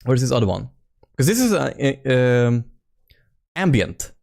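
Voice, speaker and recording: A young man chats casually on a live stream, rambling and animated with playful swearing. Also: mid-range voice, unhurried, vocal fry. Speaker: indie game developer streaming. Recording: faint music in background.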